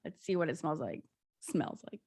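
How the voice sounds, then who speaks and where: An American woman co-hosting a podcast, chatting casually, giggling and excitable, often poking fun at herself. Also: sits low, moderate pace, dry recording. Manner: giggly, excitable, self-mocking. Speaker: podcast co-host. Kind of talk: casual chat.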